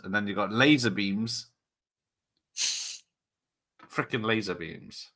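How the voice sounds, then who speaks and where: Jokey host, slightly low voice with a bright edge, rambles happily through live commentary. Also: male voice. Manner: chatty, joking, rambling tangents. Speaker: watch party host. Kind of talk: casual live-stream commentary.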